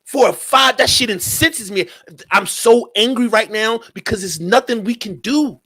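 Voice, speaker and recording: Man, talk radio host, heated rant, profane, bright forceful tone. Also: high voice, normal speed, breathy edge. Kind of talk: angry talk radio commentary.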